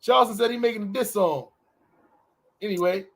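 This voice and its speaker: A man with a high, bright voice co-hosts a casual morning podcast. He rants in a loose, profane way and swoops his pitch up and down when he mimics people. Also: brisk. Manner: animated, profane, swings pitch wildly acting out quotes. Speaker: podcast co-host. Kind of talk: casual morning show banter.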